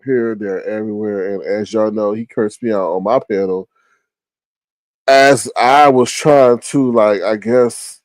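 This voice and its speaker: Yawning and sleepy, a livestream host rambles through casual chat commentary, trailing off and starting his thoughts over. His voice is on the low side with fairly even intonation, a little slow, and there's no echo.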